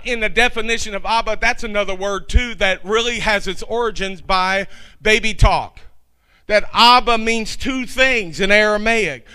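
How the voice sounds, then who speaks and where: A middle-aged male preacher with a high, ringing voice. He delivers his sermon with emphasis, stacking up repeated phrases. His tone is very bright and cutting. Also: smooth.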